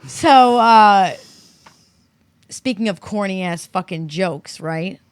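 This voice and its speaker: A middle-aged woman telling stories in casual chat, profane and animated, acting out what people said. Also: mid-range voice, slow pace. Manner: profane, animated storytelling with acted-out quotes. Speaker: podcast co-host.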